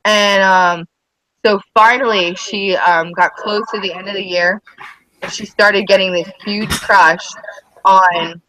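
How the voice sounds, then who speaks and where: A woman's voice: medium pitch, a little slow, dry recording, poor audio. A woman, a mother of schoolchildren, chatting casually on a podcast and acting out quotes as she tells stories. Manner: chatty, animated storytelling with acted-out quotes. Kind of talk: casual chat.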